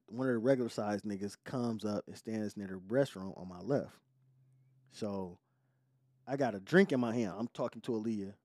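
A man, hosting a podcast, telling a story in a casual, animated, profane way full of slang. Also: lowish voice, dry recording, clean studio sound. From Detroit. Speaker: podcast host.

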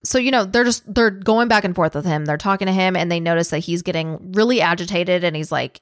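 A woman's voice: lowish voice, a little fast, no echo, studio quality. A woman co-hosting a podcast, telling a true-crime story in a casual, profane, chatty way and laughing easily. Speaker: podcast co-host.

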